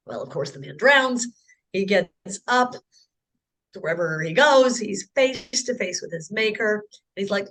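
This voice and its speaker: A woman's voice: medium pitch, expressive, moderate pace, fairly bright tone. A woman telling her conversion story in an interview, earnest and emotional, often repeating and restarting her words. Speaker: interview guest. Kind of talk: personal conversion testimony.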